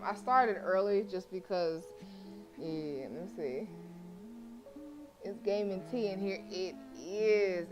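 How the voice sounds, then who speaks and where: Woman streamer, casual chatty talk, reads game text aloud, game music behind. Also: mid-range voice. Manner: chatty, animated, vents to chat.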